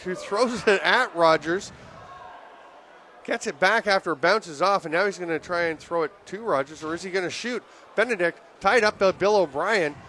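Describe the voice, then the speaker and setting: A man calling live lacrosse play-by-play in rapid, excitable bursts that rise on goals, his voice worn and giving out. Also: high-pitched, a little hiss or hum. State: voice giving out, throat clearing. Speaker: play-by-play commentator.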